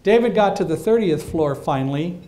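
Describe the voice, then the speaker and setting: A man giving a talk to an audience, telling a story in a lively way with dry humor and acting out the lines of people in it. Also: sits high, moderate pace. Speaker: guest speaker.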